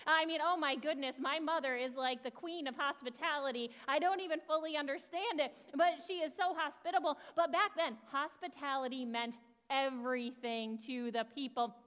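A woman's voice: high-pitched, moderate pace, a bit bright. A woman pastor giving a chatty, conversational sermon with asides to the congregation. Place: church sanctuary. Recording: long church reverb.

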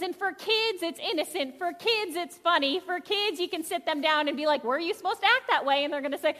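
A woman pastor preaching a sermon with energetic, earnest delivery and quick restarts. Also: very high voice. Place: church sanctuary. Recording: long reverb of a church hall.

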